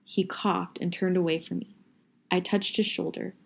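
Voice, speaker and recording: A woman reading a novel aloud in a steady, first-person audiobook style. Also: on the low side, normal speed, vocal fry, a little hiss or hum. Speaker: reader.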